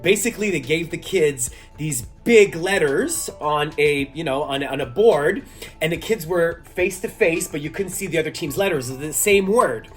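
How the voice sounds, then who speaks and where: A man, a magician, telling a story in a casual vlog, animated and laughing as he goes. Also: on the high side, moderate pace, soft background music. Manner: animated, laughs while telling, acts out voices. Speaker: magician and kids' entertainer.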